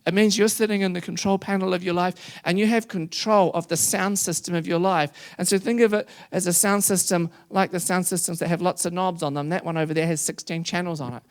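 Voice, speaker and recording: A man preaching a sermon to a congregation, animated and emphatic, rising into loud emphasis. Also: high-pitched, a little fast, few pauses. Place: church hall before a congregation.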